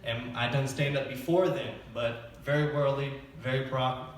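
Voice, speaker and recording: A man of medium pitch, speaking at normal speed in a steady tone, performs rambling stand-up at a church open mic. The comedian is nervous and runs himself down, scattering fillers and laughter throughout. It's captured at a distance in a hall full of echo.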